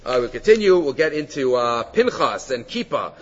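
A man teaching a Talmud study class. He reads the text in Hebrew and Aramaic, then explains it step by step in an animated way. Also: medium pitch, normal speed. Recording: dull lo-fi audio in a long-reverb room.

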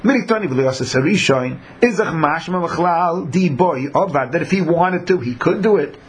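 A man's voice: high-pitched, moderate pace. A man teaching a Talmud class who acts out the people in his examples. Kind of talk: Talmud lecture.

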